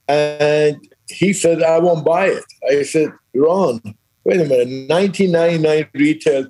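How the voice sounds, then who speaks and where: An older man who founded a company tells business stories in a conversational interview, acting out quoted dialogue and laughing often. His voice sits on the high side, darkish and slightly rough, and the recording is rough too.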